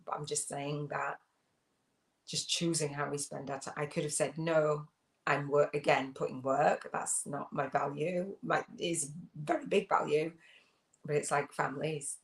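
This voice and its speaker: A woman's voice: sits low, echoey room. A woman hosting a casual livestream, rambling and reflective as she reads viewer comments, with many fillers and restarts. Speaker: host of a spiritual business channel.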